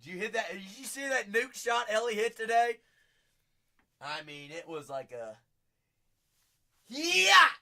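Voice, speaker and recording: Bright, lively man hyping a card break. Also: high voice, moderate pace. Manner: hype-driven, bursts into shouts; chatty, teasing viewers by name. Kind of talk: live-stream auction patter.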